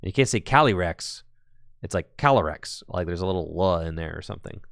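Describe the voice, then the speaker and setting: Smooth-voiced chatty man commentating a card game. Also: low-pitched, fairly even intonation, racing, dry recording, clean studio sound. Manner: chatty, rambling, jokey asides to chat. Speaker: tournament commentator.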